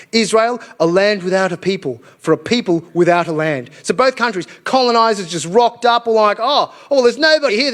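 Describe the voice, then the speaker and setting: A man with an Australian accent performs a stand-up set at a comedy venue, his voice pitched high and his delivery sardonic and mocking. He slips into put-on voices. The live recording carries clear background noise from a stage microphone.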